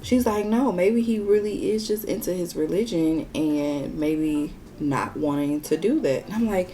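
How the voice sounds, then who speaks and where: A woman beauty vlogger tells a story while she works through a makeup tutorial. Her voice sits low and mellow, with a relaxed, dark tone. She talks bluntly and swears freely, speaking straight to her viewers. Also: moderate pace, faint music behind. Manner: candid and profane, talking straight to viewers. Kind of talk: casual storytime chat during a makeup tutorial.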